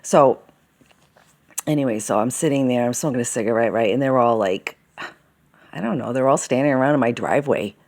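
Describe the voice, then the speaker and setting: A woman's voice: very deep voice, moderate pace, long pauses, darkish tone. A woman rambling agitatedly in a casual monologue, swearing often and checking in with "okay?" and "all right?". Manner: fillers and self-interruptions, asks "okay?" and "all right?". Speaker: vlogger.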